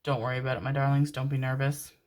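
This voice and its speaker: A woman's voice: very deep voice, flat delivery, fast, darkish tone. A young woman giving a rambling, chatty tarot reading to her viewers, with laughs and the odd swear. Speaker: tarot card reader. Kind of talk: casual pick-a-card reading.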